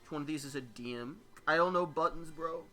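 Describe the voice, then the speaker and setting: A man hosting a fighting-game tournament stream, chatting casually, rambling and swearing with quick laughs. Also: on the high side, bright, forceful tone, faint music behind. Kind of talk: casual live-stream chat.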